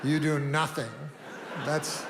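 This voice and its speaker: An older stand-up comedian delivers a deadpan set, rambling through long setups with drawn-out pauses and sudden asides. His voice sits on the high side, and the recording has a long reverb tail and a noisy background.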